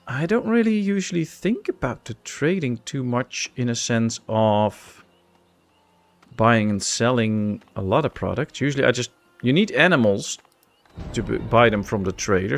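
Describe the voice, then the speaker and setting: A man's voice: mid-range voice, animated, normal speed, gravelly, no echo. A man with a Dutch accent giving laid-back live-stream gameplay commentary, chatting with his viewers and joking around. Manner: chatty, laid-back, answers chat with jokes. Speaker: gaming streamer.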